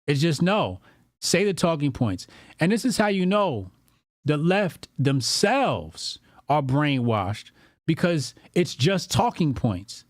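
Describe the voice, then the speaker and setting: Slow and fairly high-pitched, with big swings in pitch, a man runs a political livestream where he reads out viewer donations. He's blunt, profane, and repeats himself a lot; the sound is clean studio audio with no echo.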